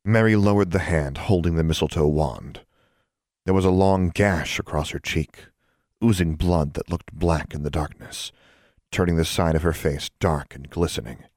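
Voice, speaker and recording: A man narrates a novel in a measured, steady reading. His voice sits very low, and the sound is dry and close with no room in it. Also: no echo. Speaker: audiobook narrator. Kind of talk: scripted narration.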